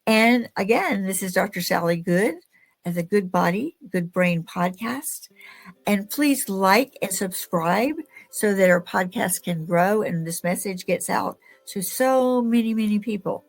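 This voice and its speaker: A woman's voice: mid-range voice, measured pace. A woman hosting an interview podcast who often murmurs agreement and speaks with enthusiasm. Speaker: podcast host.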